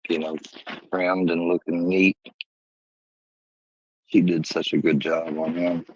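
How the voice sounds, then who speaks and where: A man's voice: deep voice, little pitch movement, slow, husky, no echo. A man talks in a rambling, loose way on his livestream. He sounds like he is at home. The audio is a little dull and lo-fi. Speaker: livestream host. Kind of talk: casual livestream chat. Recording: slightly dull lo-fi stream audio.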